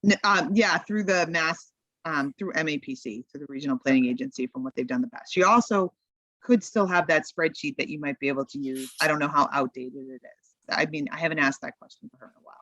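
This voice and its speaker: A woman's voice: low voice, fairly quick, pushed and bright, no echo, muffled recording. A woman advising a town committee in a meeting, explaining options in a practical, think-aloud way over remote-call audio. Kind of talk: meeting discussion.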